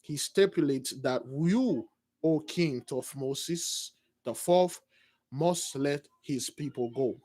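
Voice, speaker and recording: A man doing a soft-spoken old holy envoy. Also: fairly high pitch, voice pushed down. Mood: calm. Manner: soft, measured, formal. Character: calm, eloquent elderly male spokesman.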